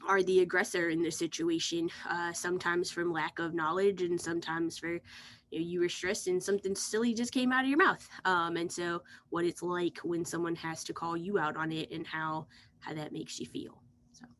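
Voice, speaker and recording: A woman's voice: lowish voice, fairly even intonation, moderate pace, fairly bright tone, a little hiss or hum. A woman physician giving a casual, upbeat workshop recap over a video call, with frequent filler words. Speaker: physician presenting a group recap. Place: home or office over a video meeting.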